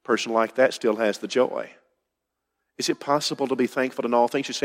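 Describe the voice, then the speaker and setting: A man's voice: mid-range voice, fairly even intonation, fairly quick, gravelly. An older man preaching a conversational sermon to his congregation in church, with emphatic questions. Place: church hall. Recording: roomy hall reverb.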